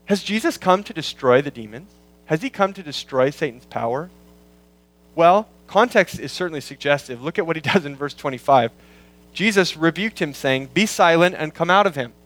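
A pastor working through a scripture passage in a sermon, explaining word meanings and repeating key lines for emphasis. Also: male voice, fairly high pitch, animated, rough recording. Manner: quotes scripture in slowed, weighty tones. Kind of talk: expository sermon.

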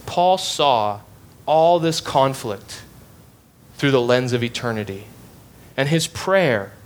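A man's voice: mid-range voice, lively intonation, slow. A man preaching an expository sermon, emphatic and repeating phrases to drive his points home.

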